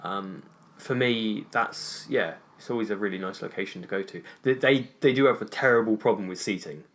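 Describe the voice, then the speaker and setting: A man with a British accent, co-hosting a podcast in relaxed chat, laughing often and using lots of fillers. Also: fairly low pitch, a little fast. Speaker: podcast co-host. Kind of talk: casual chat.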